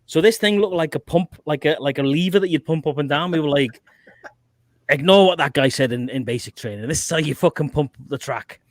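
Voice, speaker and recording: A man's voice: on the high side, fairly quick, no room sound. A man hosting a livestream, swearing and laughing as he tells army stories and acts out the quotes. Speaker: host. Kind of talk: casual livestream chat.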